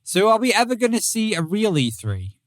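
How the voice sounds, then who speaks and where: A man co-hosting a casual gaming podcast, chatty and quick to restart his sentences. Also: high voice, sing-song, no echo, clean studio sound. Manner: chatty, restarts and repeats words. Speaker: podcast co-host. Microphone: podcast microphone.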